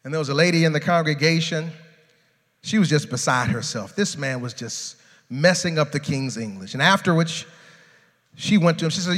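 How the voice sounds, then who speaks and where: High, bright-voiced preacher with big swings. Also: male voice, moderate pace, big-room sound. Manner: preaching that swings from low and quiet to high, loud shouting. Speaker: pastor. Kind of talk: sermon. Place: large church sanctuary.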